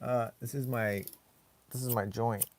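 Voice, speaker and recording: Slow, laid-back man chatting on a live stream. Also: medium pitch, fairly even intonation, a little mellow. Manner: rambling, laid-back, reads chat comments aloud. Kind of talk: casual live-stream chat.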